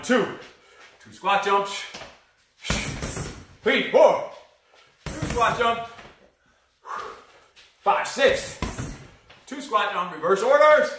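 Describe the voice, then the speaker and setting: A man's voice: a little high, bright, forceful tone, roomy sound, far from the mic. A man coaching a live-streamed boxing cardio workout, calling out counts and combos and swearing freely as he pushes viewers on. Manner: profane, pumped-up drill counting.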